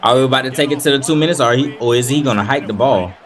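A young man giving casual play-by-play commentary while playing a football video game, animated, hyped and trash-talking. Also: mid-range voice, very fast. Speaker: gaming video creator.

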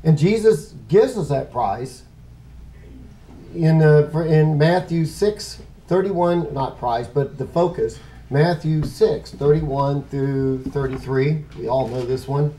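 A man's voice: a little high, slow pace, mellow, low-quality recording. A middle-aged man teaching a casual Bible lesson, rambling and conversational, often stopping to correct himself.

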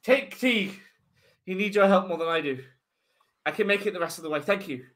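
A man's voice: high voice, fairly quick, fairly bright tone. A man voicing a dazed, blunt woman adventurer in a tabletop game, speaking plainly. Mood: weary, blunt. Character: dazed, frank woman adventurer escaping a fire.

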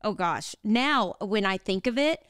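A woman in her thirties co-hosting a casual podcast, telling stories with animated, high-pitched quoted voices. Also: unhurried, smooth, no room sound, studio quality. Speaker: podcast co-host. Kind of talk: casual chat.

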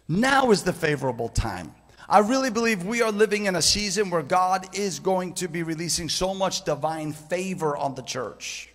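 High-pitched male preacher, fervent and repeating key lines, echoey church hall. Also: a bit bright. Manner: fervent, storytelling, emphatic repetition. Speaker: guest preacher. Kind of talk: charismatic sermon. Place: church sanctuary.

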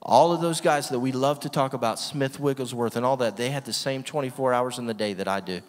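Speaking at a quick pace with a medium-pitched voice, a man serves as guest preacher in a church hall with long reverb. He delivers the sermon with energy and emphasis, posing rhetorical questions and laughing frequently.

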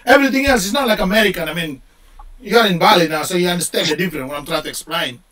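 A man's voice: sits high, very fast, pushed and bright. A man hosting a casual chat from Indonesia, joking and swearing as he mimics Aussie slang. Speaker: host. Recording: away from the mic, with background crowd.

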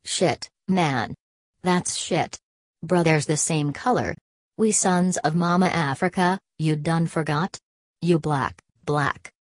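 A woman's voice: sits low, takes it slowly, no echo. A woman reading the lines of a stocky, fiery male street agitator who rants and pleads in clipped dialect. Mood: raging, pleading. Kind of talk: audiobook character voice.

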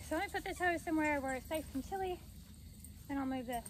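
A woman's voice: sits high, quick pace, slight background noise, low-quality recording. A woman in a backyard garden, chatting to the camera as she explains each step of her work. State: out of breath at times. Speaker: gardening vlogger. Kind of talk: casual talk to camera while working.

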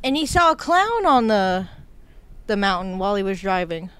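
A woman's voice: medium pitch, big pitch swings, normal speed, a bit bright, clean tone, no echo. A woman guest on a casual podcast chat, talking chattily with lots of fillers and hedges.

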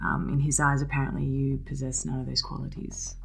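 An actress playing a crime boss's gentle, soft-spoken daughter. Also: female voice, extremely low pitch, monotone, fairly quick, vocal fry, faint music behind, exaggerated voice. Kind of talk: film acting.

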